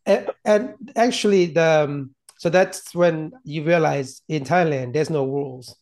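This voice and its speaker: A man on a movie-review podcast, talking casually in a halting way, often stopping to restart. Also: on the high side, darkish tone.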